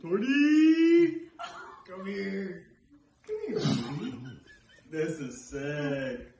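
A man in a home video, excited, shouting and laughing. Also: fairly high pitch, very slow. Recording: echoey room with loud background noise.

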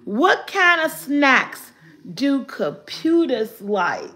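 An older woman hosts a relaxed live vlog, chatting with viewers, reading their comments out loud and laughing a lot. Her high voice swings widely in pitch and comes out pushed and bright, at an extremely slow pace.

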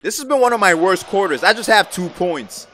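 A young man giving excited, trash-talking commentary over his own basketball video game play. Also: high-pitched, brisk. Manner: hyped, exclaiming, trash-talking. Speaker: gaming YouTuber. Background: background music.

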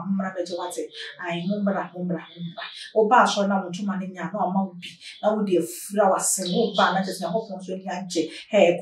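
Woman, Ghanaian accent, animated commentator, roomy echo, distant mic. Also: medium pitch. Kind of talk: spoken commentary. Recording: echoey room voice, far from mic, faint noise.

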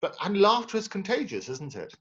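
A man hosting a casual interview and chiming in quickly, heard over a video call. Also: sits high, huge pitch swings, fairly bright tone, highs cut off. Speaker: interview host and promoter.

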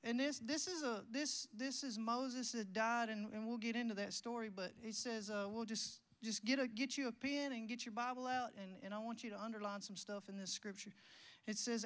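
A man's voice: high-pitched, fairly even intonation, normal speed, fairly bright tone. A young man preaching a sermon, telling a folksy, rambling story full of restarts and quoted dialogue.

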